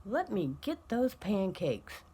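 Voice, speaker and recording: A woman puts on a doting pushover parent, cooing and pitying in a soft, half-whispered voice. She stretches her words out slowly, and her voice climbs high before dropping low again. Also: very animated.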